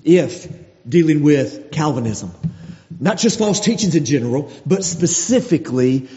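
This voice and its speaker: A man's voice: a little high, sing-song, a little slow, dark tone. A man preaching a sermon in a conversational way, often restarting his phrases. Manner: conversational, with frequent restarts and acted quotes. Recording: dull sound with long hall reverb.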